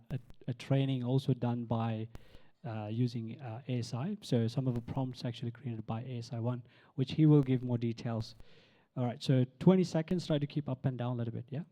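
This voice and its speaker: A man's voice: mid-range voice, moderate pace, dark tone. A man presenting a live voice demo at a conference, talking casually with many fillers and restarts. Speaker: event presenter. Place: conference hall with crowd.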